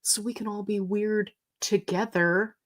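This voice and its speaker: A woman's voice: mid-range voice, steady tone, unhurried. Chatty woman hosting a live Q&A. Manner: chatty and upbeat, reads viewer comments aloud. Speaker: livestream host answering viewer questions. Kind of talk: casual live Q&A chat.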